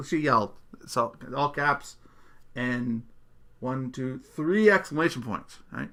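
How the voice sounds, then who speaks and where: Brief: middle-aged male podcast host, bright bouncy voice, sarcastic, laughs a lot mid-rant. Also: medium pitch, lively intonation, slow. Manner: laughs often between sentences; sarcastic, mocking tone. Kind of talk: comedic solo rant.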